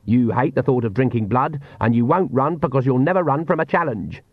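A man reading an audiobook, voicing a shrewd, unflappable old witch who talks in a dry, measured, quietly menacing way. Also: mid-range voice, lively intonation, no room sound. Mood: calm threat. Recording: dull, muffled audio.

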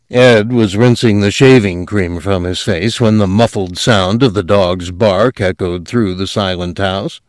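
A man reading a story aloud as narrator, measured and steady, dropping quiet at moments. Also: fairly low pitch, no echo, studio quality. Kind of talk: audiobook narration.

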